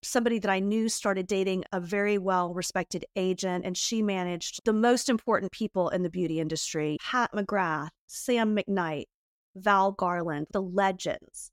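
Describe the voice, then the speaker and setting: A middle-aged woman from the United States, a guest in an interview who candidly tells lively, animated stories and laughs often. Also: mid-range voice, normal speed, no room sound, studio quality. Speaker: guest, beauty entrepreneur. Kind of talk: candid storytelling in a podcast interview.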